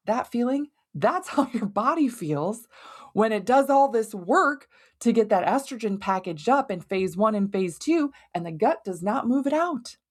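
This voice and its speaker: A woman hosting a health podcast, explaining in a conversational, animated way and leaning on everyday analogies. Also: medium pitch. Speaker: podcast host and hormone health doctor. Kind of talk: educational podcast monologue.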